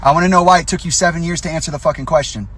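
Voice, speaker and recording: A man's voice: fairly high pitch, very fast, a bit bright, breathy edge. A young man in an angry, profane direct-to-camera rant, confronting and accusing the people he addresses. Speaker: vlogger.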